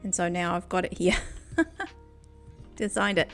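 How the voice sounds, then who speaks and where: A woman's voice: lowish voice, fairly even intonation, measured pace, a bit bright, soft background music. A woman with a New Zealand accent chatting casually with her viewers on a game stream, giggling often, at a desk microphone. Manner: giggly, chatty, talks to chat. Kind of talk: casual gaming stream chat.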